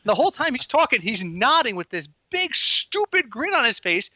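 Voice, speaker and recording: High bright guy on a football podcast, gets worked up easy, dry dull sound. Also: moderate pace, dry recording. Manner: animated, excitable storyteller. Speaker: podcast co-host. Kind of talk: casual sports chat.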